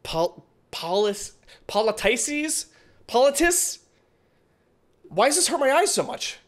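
A man hosting a reaction video in casual commentary, excitable and rambling, often stumbling over his words. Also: high-pitched, a little slow.

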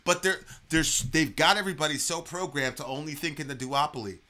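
A man's voice: fairly high pitch, brisk, sharp tone. A man co-hosting a podcast, ranting casually and animatedly, swearing and tripping over repeated words. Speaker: co-host of a reaction podcast. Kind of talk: casual political rant.

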